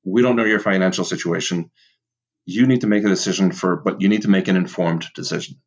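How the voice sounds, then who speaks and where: A man's voice: low-pitched, steady tone, fast. A man who owns an auto repair shop, a guest on a podcast, talking casually. He often restarts his sentences and acts out his talks with customers.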